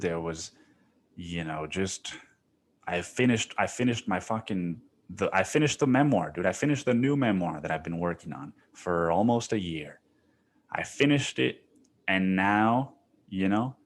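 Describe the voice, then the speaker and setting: A man's voice: sits low, slight background noise. A young man hosting a solo podcast, venting with lots of swearing and "dude", his tonsils swollen. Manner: profane venting, heavy on "dude". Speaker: podcast host.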